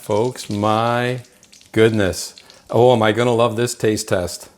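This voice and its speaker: With a lowish, darkish voice and a steady tone, this cooking-show host speaks slowly. He's enthusiastic and chatty with the "folks" watching as he cooks at home, a sizzling pan frying audibly behind him.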